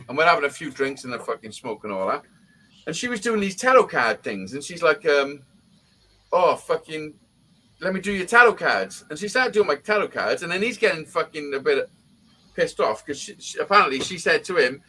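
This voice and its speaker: A man's voice: fairly high pitch, sharp tone, slight background noise, low-quality recording. A middle-aged man, telling a rambling story in casual chat and swearing constantly.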